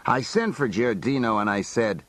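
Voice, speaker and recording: A man's voice: mid-range voice, animated, moderate pace. A man narrating a first-person memoir in a colloquial, streetwise storytelling manner. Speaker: audiobook narrator.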